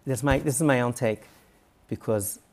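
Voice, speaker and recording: Speaking at a normal speed in a mid-range voice, a man who is a rabbi talks earnestly as an interview guest. He is animated and frequently voices parents and coaches in quoted speech during the conversation.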